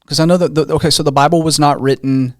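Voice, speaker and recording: A man's voice: fairly high pitch, fairly even intonation, fast, dry recording, studio quality. A man hosting a podcast, asking long, casual questions full of fillers and restarts. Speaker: podcast host. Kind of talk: conversational podcast interview.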